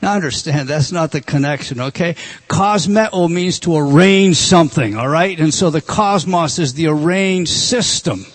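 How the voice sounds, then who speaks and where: At a normal speed, a man preaches an emphatic, earnest sermon, frequently dropping to a low, soft voice to drive his point home.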